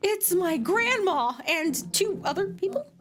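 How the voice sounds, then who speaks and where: A woman streaming a video game, chatting and reading characters' lines aloud in put-on voices that swing from hushed to excited. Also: sits high, unhurried. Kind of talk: let's-play commentary, reading game dialogue aloud. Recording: game music playing under the voice. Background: game music.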